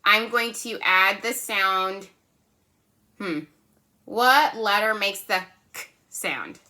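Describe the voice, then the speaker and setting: A woman teaching a phonics lesson to young children, patient and slow, checking in often with "right?" and "okay?". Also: mid-range voice, sharp tone. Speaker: kindergarten teacher.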